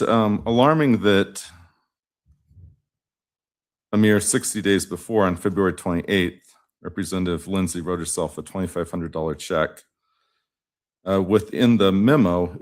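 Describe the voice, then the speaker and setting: Man, very low voice, formal questioning, methodical, reads out dates and figures. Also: measured pace, long pauses. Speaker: legislator questioning a witness.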